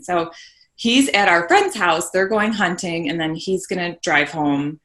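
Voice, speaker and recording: A woman's voice: lowish voice, expressive, measured pace, a bit bright. A woman guest on a podcast, telling a painful personal story earnestly and checking in with "right?". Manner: earnest, tags points with "right?". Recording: roomy echo.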